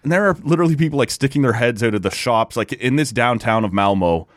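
A man's voice: medium pitch, quick pace, dry recording, studio quality. A Canadian man in his thirties hosting a casual podcast, telling stories in a chatty way. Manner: chatty storyteller, animated when quoting others. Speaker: podcast host.

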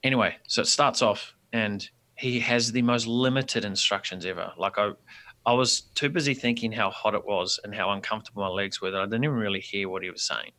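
A man tells a long story as a podcast guest. He talks in a rambling, animated way and keeps restarting his sentences. His low voice has a bright, forceful edge. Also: fairly quick.

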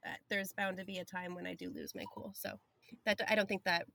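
A woman's voice: lowish voice, fairly even intonation, brisk, creaky, pushed and bright. A woman and parent offering reassurance in candid chat, blunt and casually swearing. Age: adult parent.

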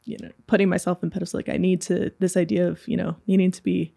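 Candid, laughing woman on a podcast, gravelly creaky voice, dry mic. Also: lowish voice, flat delivery, fast, warm tone, dry recording. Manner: candid, laughing, self-mocking. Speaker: podcast co-host. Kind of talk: faith podcast discussion.

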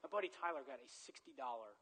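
A man preaching a sermon, telling a personal story with big swings between excited loudness and quiet earnestness. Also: mid-range voice, fast talker, breathy edge, rough recording. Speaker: pastor.

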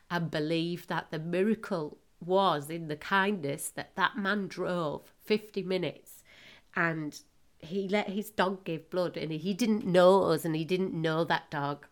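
This podcast host is a middle-aged woman whose pitch sits fairly low. Her delivery is emotional and halting, full of restarts as she shares something from her own life.

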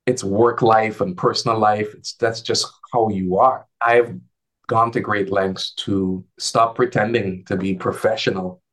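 A man talking casually as a guest on a video call, an advisor who tells animated stories and acts out the dialogue in a lifted voice. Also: on the low side. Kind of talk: casual conversational storytelling.

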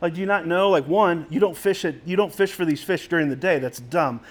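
A man's voice: fairly high pitch, fairly quick, close to an everyday voice. A man voicing an exasperated male fisherman who talks back in a casual, incredulous, slangy way.

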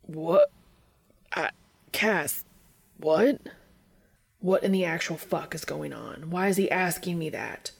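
A woman's voice: fairly low pitch, lively intonation, normal speed, gravelly, few pauses, husky, exaggerated voice. A woman voicing a flustered, panicking grown man who sputters and stammers. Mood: panicked.

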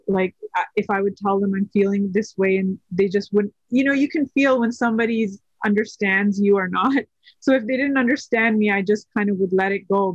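A woman in her thirties, a podcast guest, telling a personal story in casual conversation, soft-spoken and hesitant with many fillers. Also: medium pitch, no room sound, dull audio.

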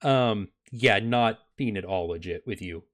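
A man's voice: lowish voice, a little slow, a bit bright. A man acting as game master of a tabletop game, talking in an easygoing way with many fillers.

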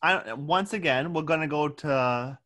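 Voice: medium pitch, measured pace, fairly bright tone. A podcast co-host in casual chat, talkative, walking through scenes with frequent restarts.

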